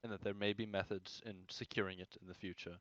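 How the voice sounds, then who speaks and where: A man playing a tabletop game, joking and animated, cutting in with ideas. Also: on the low side, no echo, highs cut off. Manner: animated, joking, quick to interrupt. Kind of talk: casual in-character chat.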